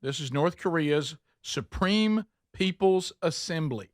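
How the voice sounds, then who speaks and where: A man hosts a casual talk show, brash and quick to mock. His voice sits a little high and sounds close and dry, with no room around it. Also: animated, dry recording. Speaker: radio show host.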